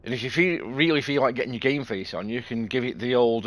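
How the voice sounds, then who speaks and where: A man's voice: mid-range voice, lively intonation, fast, hardly any pauses. Chatty British man streaming a game. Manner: chatty, rambling, laughs easily. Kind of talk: casual live stream chat.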